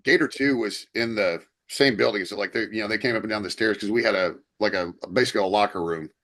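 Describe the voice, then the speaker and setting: A man's voice: lowish voice, quick pace, fairly bright tone. A young man co-hosting a podcast, telling stories in a rambling casual way with many fillers and restarts. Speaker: podcast co-host. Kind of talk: casual chat.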